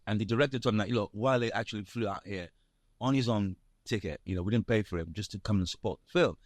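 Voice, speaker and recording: A man, an actor from Nigeria, talking in a relaxed interview and telling animated anecdotes full of fillers and restarts. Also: lowish voice, fast, no echo, studio quality. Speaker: actor, guest. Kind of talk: casual interview chat.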